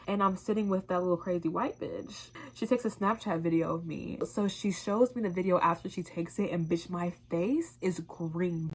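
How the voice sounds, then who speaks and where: A young woman vlogger telling a casual, animated storytime, full of swearing and acted-out quotes. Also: fairly low pitch, moderate pace, few pauses, slight background noise. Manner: animated, profane, quoting herself in voices.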